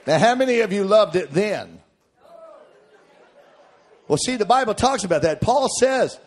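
A middle-aged man preaching a sermon, emphatic and folksy, swinging from shouted points to quiet joking asides. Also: sits high, lively intonation, a little slow, long pauses, a faint crowd.

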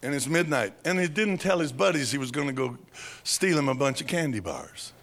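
A man preaching by telling a dramatic story, slow and vivid, acting out sounds and voices. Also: medium pitch, lively intonation, fairly bright tone. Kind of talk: storytelling sermon.

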